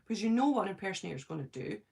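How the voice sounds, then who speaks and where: A woman's voice: medium pitch, big pitch swings, rapid-fire, gravelly, a little mellow. A Scottish woman chatting casually on a live stream from her home, answering viewers' comments by name and thinking aloud. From Scotland.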